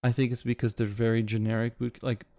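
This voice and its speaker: Laid-back young man, mellow and dry. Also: medium pitch, level tone, fast talker, dry recording. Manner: rambling, swears casually, reads chat aloud. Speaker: streamer. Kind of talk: casual live-stream chat. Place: home, city with bootcamps he attended.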